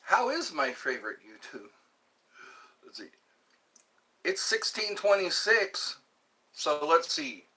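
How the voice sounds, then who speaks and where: An older man chatting slowly on a livestream, his voice bright but husky. He reads out viewer comments and plays along with their requests. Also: a little high, big pitch swings. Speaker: livestream host. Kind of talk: casual livestream chat.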